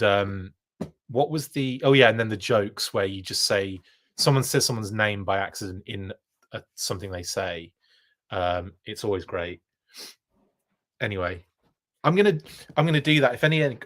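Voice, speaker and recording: A man's voice: lowish voice, a bit bright. A man hosting a live podcast, chatting casually and reading viewer comments, rambling with plenty of fillers and playful jokes. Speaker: podcast host.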